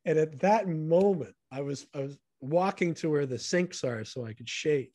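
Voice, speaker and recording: A man's voice: on the high side, moderate pace, hardly any pauses, darkish tone, no echo. A man, a guest on a podcast, telling stories in an earnest and enthusiastic way. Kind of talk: casual storytelling conversation.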